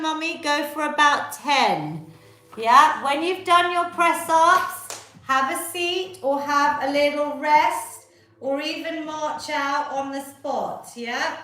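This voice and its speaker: A woman's voice: sits high, bright, forceful tone. A woman leading a live online exercise class, encouraging and upbeat as she coaches. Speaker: fitness instructor. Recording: echoey room from far off.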